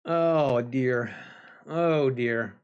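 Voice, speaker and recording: A man with a smooth, mid-range voice live-streams his futures trading on lo-fi sound. He chats casually with viewers and speaks to the market itself, leaving long, drawn-out pauses.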